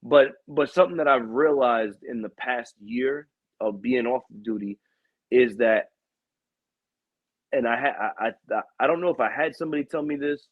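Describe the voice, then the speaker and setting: On his podcast, a young man chats casually and animatedly, telling a profane tale and voicing others' quotes in a raised pitch. He speaks at normal speed, with no room sound and phone-quality audio.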